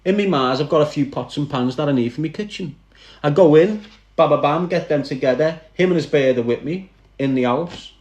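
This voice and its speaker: A man with a Liverpool accent recounting his past in dramatic first-person storytelling, animated and speaking straight to his listeners. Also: fairly high pitch, a little fast, reverberant. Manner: animated, addresses listeners directly.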